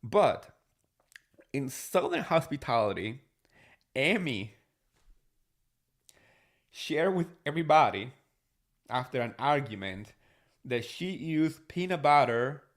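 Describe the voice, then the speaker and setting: Male host, unhurried and chatty, spilling reality TV tea to his audience. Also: medium pitch, expressive. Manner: chatty, gushing, addresses viewers directly. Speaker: podcast host. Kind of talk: casual reality TV gossip recap.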